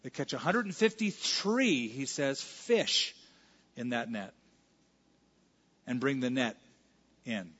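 A man's voice: mid-range voice, expressive, slow pace, long pauses, fairly bright tone, husky. Man preaching in an echoing hall. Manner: conversational preaching, acts out scripture dialogue. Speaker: pastor. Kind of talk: sermon. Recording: reverberant hall, dull lo-fi sound.

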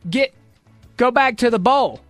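A man's voice: very high-pitched, animated, a little slow, fairly bright tone, no room sound, soft background music, exaggerated voice. A man voicing a demanding, impatient pet dog that nags its owner. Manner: bossy, nagging.

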